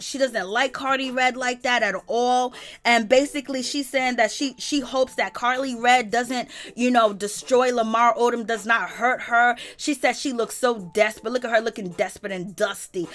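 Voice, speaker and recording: A woman telling celebrity gossip in a casual, animated way. She exclaims often, swears, and laughs as she retells what others said. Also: fairly high pitch, moderate pace.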